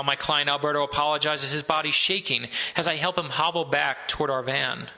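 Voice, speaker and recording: Male author, wry reader, gravelly texture. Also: a little high, steady tone, moderate pace, bright, forceful tone, low-quality recording. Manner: wry, self-deprecating. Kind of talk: talk and reading from his novel.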